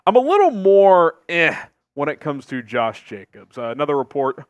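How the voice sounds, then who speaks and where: A man hosting an opinionated sports talk show, talking emphatically with big swings in pitch and volume. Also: sing-song, moderate pace, clean tone, dry recording, highs cut off, soft background music.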